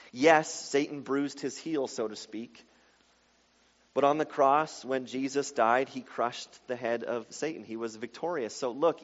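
A man preaching a sermon, moving between quiet explanation and loud, emphatic passages. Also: mid-range voice. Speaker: pastor. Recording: dull sound with long hall reverb.

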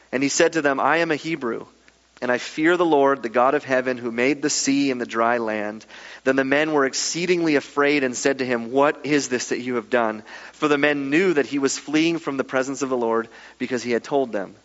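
A man preaching a sermon, reading scripture aloud and then explaining it with lively, casual asides. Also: medium pitch, fairly quick. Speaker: pastor. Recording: muffled echoey hall.

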